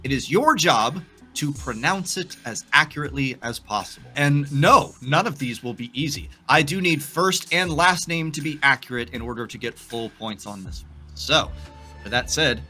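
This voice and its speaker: Upbeat male trivia host, lively and playful delivery. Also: mid-range voice, moderate pace, soft background music. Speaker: trivia game show host. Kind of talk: live-streamed trivia hosting.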